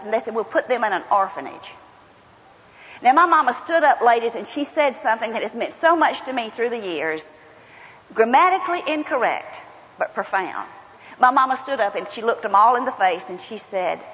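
A woman's voice: a little high, a bit bright. A woman from South Georgia with a Southern accent, giving a folksy, humorous inspirational talk to a women's gathering. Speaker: women's retreat speaker. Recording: muffled hall with long reverb.

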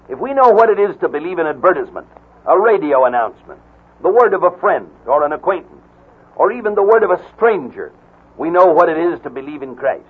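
Man, husky voice, fairly high pitch, slow emphatic radio Bible teaching, thin lo-fi broadcast sound. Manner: slow, deliberate, emphatic reading of scripture. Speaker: preacher.

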